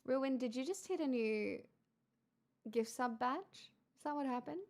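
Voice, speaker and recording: A woman's voice: high-pitched, measured pace, darkish tone. A woman hosting a casual livestream, chatting with viewers, thanking them in an exclamatory, wry way. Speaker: livestream host.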